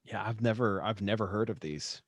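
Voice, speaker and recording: A man's voice: lowish voice, brisk, dry recording. Easygoing man on a podcast who laughs often and draws his words out, with a dry, close sound. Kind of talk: casual podcast chat.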